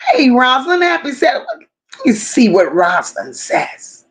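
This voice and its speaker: A woman's voice: high voice, wildly swooping pitch, breathy edge. A woman hosting a casual livestream, greeting viewers one by one and reading their chat messages aloud. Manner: warm drawn-out greetings, reads chat aloud. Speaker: livestream host.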